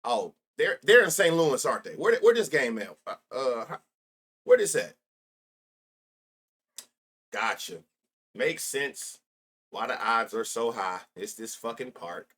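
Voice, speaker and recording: A man's voice: mid-range voice, sing-song, unhurried, pauses often, a bit bright. A young man streaming live about sports bets, rambling and profane, laughing often and talking straight to his chat.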